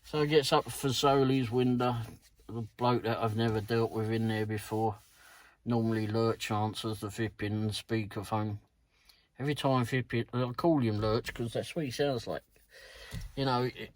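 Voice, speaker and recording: A middle-aged British man recounting his delivery shifts in a rambling, casual way, swearing freely and chuckling. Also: mid-range voice. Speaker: delivery driver vlogger. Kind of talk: casual storytelling vlog.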